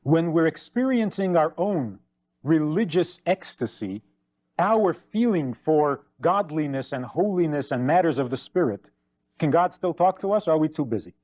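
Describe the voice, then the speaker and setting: A man giving a rabbi's lecture on faith, animated and emphatic, repeating key points. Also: fairly high pitch, normal speed. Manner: animated, acts out anecdotes with shifting voices; emphatic repetition.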